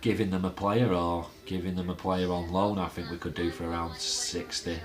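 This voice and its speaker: A man's voice: deep voice, flat delivery, moderate pace. A man hosting a fan channel, chatting casually and rambling with lots of fillers and restarts. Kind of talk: casual fan vlog chat.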